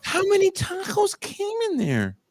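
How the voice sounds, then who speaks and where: A man with a Californian accent holds forth in a casual podcast chat, all profane mock outrage. His pitch swings wildly from low grumbles to high yelps, though he takes his time with the words. The sound is dry, with no room around it. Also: huge pitch swings, measured pace, dry recording. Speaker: podcast co-host.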